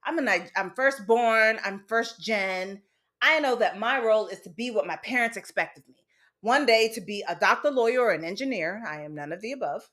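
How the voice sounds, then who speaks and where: Animated woman telling a candid personal story. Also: on the high side, moderate pace. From United States. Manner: animated, candid, casual with frank swearing. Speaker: podcast host.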